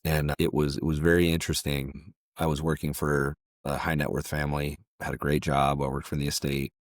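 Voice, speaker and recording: A man with a very deep voice tells a personal story as a podcast guest. He speaks haltingly and often repeats words as he goes. The mic sound is dry and close, with no room echo. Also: flat delivery. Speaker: podcast guest, jiu-jitsu gym owner.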